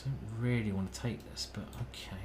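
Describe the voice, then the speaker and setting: A man's voice: on the low side, fairly even intonation, normal speed, noisy background. A man giving casual live-stream chess commentary, thinking aloud and chatting with his viewers. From United Kingdom.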